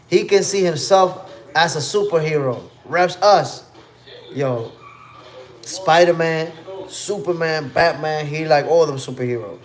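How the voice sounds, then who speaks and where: Man in his fifties, live-stream host, slangy casual chat, fairly high voice. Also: measured pace, pauses often, soft background music. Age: 50s. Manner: animated, slangy, reading chat and reminiscing. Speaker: boxing podcast host.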